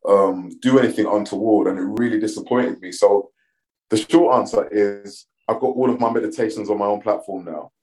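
A middle-aged man from London, England, appears as a podcast guest in a casual interview conversation, heard on a rough recording. His warm, lowish voice is measured and reflective, and he tells stories thoughtfully with frequent ums.

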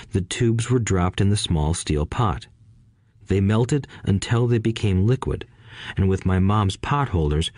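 A man narrating an audiobook in a steady, scripted read-aloud manner, lifting his voice a little for quoted lines. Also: sits low, no echo, clean studio sound.

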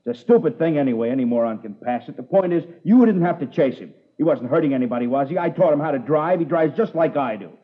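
A man's voice: fairly high pitch, expressive, fast, few pauses. A man playing an angry, belligerent father who blames the police for his son's crash, in a tinny old radio drama. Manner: belligerent, shouting, accusing. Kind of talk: 1950s radio drama acting.

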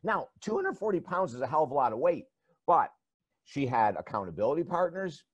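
A man's voice: fairly high pitch, very animated, brisk, husky, no room sound, lo-fi sound. A man working as a life coach, telling stories in an interview with energy and emphasis and repeating words as he starts sentences. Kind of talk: interview storytelling.

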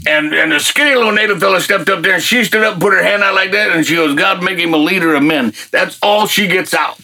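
Gravelly, husky older man telling a story. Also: high-pitched, fast. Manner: folksy and animated, with colloquial grammar. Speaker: guest telling a testimony. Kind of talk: casual storytelling.

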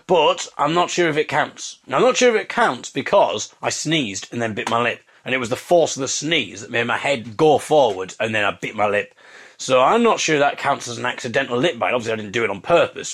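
Slight background noise sits behind this man's medium-pitched, slightly bright voice as he hosts a comic podcast. Mocking himself, he meanders through a story and acts out characters in put-on voices.

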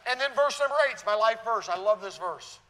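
A man with a high, very bright voice preaches a sermon in a church, swinging between hushed, earnest passages and loud, animated peaks. His voice carries a long hall reverb, with a faint hum of the room behind it. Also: brisk. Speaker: pastor. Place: church sanctuary.

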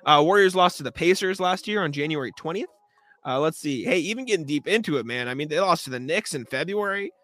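A young man co-hosting a sports podcast, ranting sarcastically and clearing his throat often. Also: a little high, lively intonation, fast, fairly bright tone. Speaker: podcast co-host.

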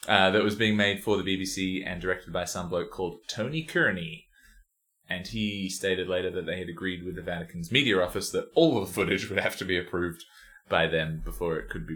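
A man's voice: sits low, fairly bright tone. A man co-hosting a podcast in casual chat, joking, rambling and laughing often. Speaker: podcast co-host.

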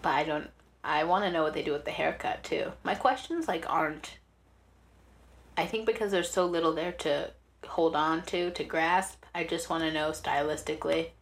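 A woman's voice: deep voice, fairly even intonation. A woman co-hosting a podcast, chatting casually, gushing and laughing often. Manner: gushing, giggly, quick to laugh. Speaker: podcast co-host. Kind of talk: casual chat.

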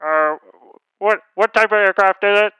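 Man doing a clipped, high air traffic controller. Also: moderate pace, sharp tone, smooth, poor audio. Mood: curt. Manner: clipped, procedural radio phrasing. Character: male air traffic controller, curt and procedural. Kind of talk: comedic dramatic reading.

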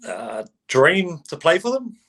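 A man's voice: fairly high pitch, sing-song, slow, a bit bright. Easygoing New man. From New Zealand. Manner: easygoing, brief answers. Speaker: rugby player guest.

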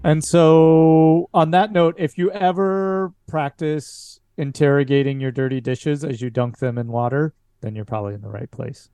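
A man running a tabletop game as game master, talking in a relaxed, informal, halting way. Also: on the high side, clean tone, no echo, faint music behind.

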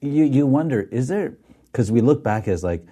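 A man interviewing a guest in a relaxed conversation, engaged, reacting often and asking reflective questions. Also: medium pitch, moderate pace, breathy edge.

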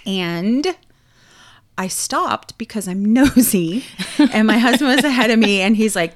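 A Texan woman co-hosting a casual chat, telling travel stories in a lively way and acting out what people said. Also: medium pitch, measured pace. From Texas. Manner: animated storyteller, acts out quotes. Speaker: podcast co-host.

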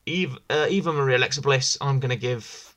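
A man's voice: mid-range voice, fast talker, fairly bright tone. A man hosting a casual wrestling review podcast, rambling and enthusiastic, often repeating himself. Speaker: podcast host.

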